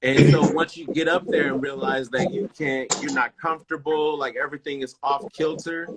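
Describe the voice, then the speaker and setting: A man's voice: medium pitch, steady tone, moderate pace, a loud crowd. A man co-hosting a podcast in casual chat, talking emphatically and often checking in with "you know what I mean". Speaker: podcast co-host.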